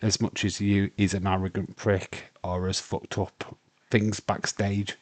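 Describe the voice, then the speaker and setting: Rambling British man, low voice. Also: little pitch movement, unhurried, dry recording. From United Kingdom. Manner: rambling and blunt, with mild swearing and many fillers. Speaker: watch-along streamer. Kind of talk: casual live commentary.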